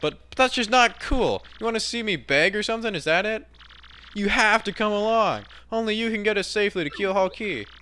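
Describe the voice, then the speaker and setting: A man doing a brash high-pitched sidekick creature. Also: lively intonation, fairly quick, pushed and bright, a little hiss or hum. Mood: impatient. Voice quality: slangy, cocky talk.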